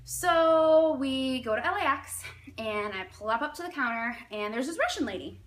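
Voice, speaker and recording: A young woman in her twenties telling a personal story in an animated, dramatic way, using "like" often. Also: sits high, normal speed, very noisy. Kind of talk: casual personal anecdote.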